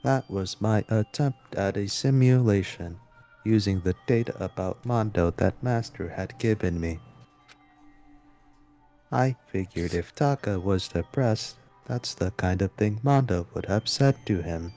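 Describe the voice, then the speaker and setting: A man voicing a calm AI computer program in a video game, reading its lines in a measured, logical way. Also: lowish voice, faint music behind. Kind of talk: reading game dialogue aloud.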